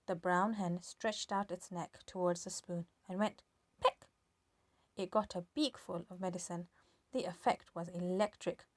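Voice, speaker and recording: A woman reading a children's story aloud with lively, expressive storytelling. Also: on the low side, moderate pace, no room sound. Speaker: storybook reader.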